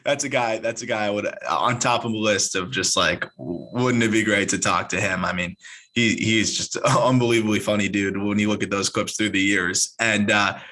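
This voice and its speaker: A man's voice: on the low side, normal speed, sharp tone. A man hosting a casual interview, upbeat and laughing often as he asks quiz-style questions. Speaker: host, interviewer.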